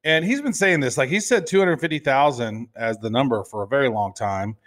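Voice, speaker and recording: A man with a medium-pitched, expressive, fairly bright voice co-hosts a crypto show, talking fairly quickly. His casual chat rambles playfully, full of fillers and restarts.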